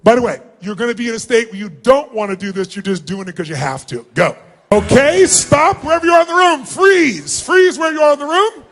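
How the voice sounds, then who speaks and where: A middle-aged man giving a motivational seminar to a large crowd in a hall, commanding and often yelling instructions. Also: extremely high pitch, lively intonation, brisk. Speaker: motivational speaker. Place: large hall with thousands of people.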